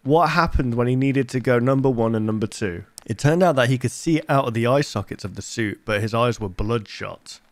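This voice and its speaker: A young man hosting a casual reaction video, chatty and quick to make joking asides. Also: medium pitch, no echo. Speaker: host.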